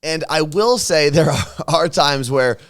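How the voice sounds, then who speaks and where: A man's voice: fairly high pitch, measured pace, fairly bright tone. A man co-hosting a casual live stream from a hotel room, teasing his co-host and reading out viewer questions. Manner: dry teasing banter, reads viewer questions aloud.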